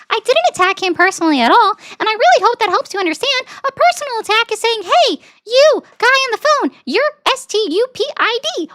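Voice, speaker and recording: A woman voicing an exaggerated, squeaky, childlike cartoon voice, sing-song and over-explaining. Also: fairly bright tone, no room sound, clean studio sound, exaggerated voice.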